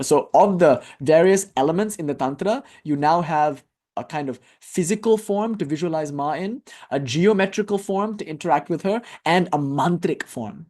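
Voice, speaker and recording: Male teacher, slightly higher pitch, earnest explanatory lecture with casual fillers. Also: darkish tone. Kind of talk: spiritual class lecture.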